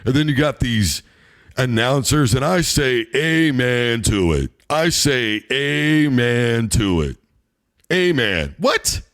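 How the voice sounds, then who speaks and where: Fired-up male sports talk host. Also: mid-range voice. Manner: heated, emphatic, preachy. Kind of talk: opinionated sports commentary monologue.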